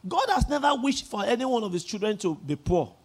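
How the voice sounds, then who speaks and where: A man with a Nigerian accent preaching a sermon as pastor, emphatic, leading the congregation in repeating lines and rising to shouts. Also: high voice, sing-song, fairly quick.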